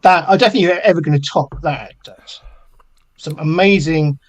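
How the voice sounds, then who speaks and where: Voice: mid-range voice, moderate pace. A podcast co-host in casual chat who laughs readily and reads out listener comments.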